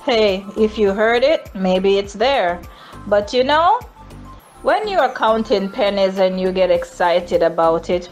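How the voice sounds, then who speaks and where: A Jamaican woman hosting a daily travel news segment, lamenting and sarcastic, with high mock-cheerful whoops. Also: expressive, measured pace, highs cut off, soft background music. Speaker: travel company news host.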